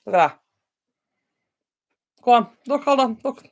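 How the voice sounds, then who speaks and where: A woman's voice: medium pitch, animated, normal speed, pauses often. Chatty Irish woman live-streaming. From Ireland. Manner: chatty, rambling with many ums, addresses viewers by name. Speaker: livestream host. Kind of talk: casual live-stream chat. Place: indoor home room near a window.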